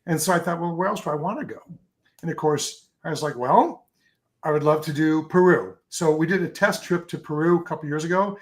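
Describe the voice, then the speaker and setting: A man in a relaxed interview, rambling happily through his stories with plenty of ums and restarts. His voice sits on the higher side for a man. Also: a little fast. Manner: enthusiastic, rambling storyteller with many fillers. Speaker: photographer guest. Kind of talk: casual interview chat.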